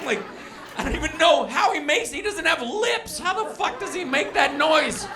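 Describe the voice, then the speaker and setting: Animated male stand-up, loud crowd. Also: very high voice, normal speed. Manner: animated, loud bursts, exasperated storytelling. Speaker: stand-up comedian. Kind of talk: stand-up comedy set. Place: restaurant comedy show with live crowd. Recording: live room with crowd noise.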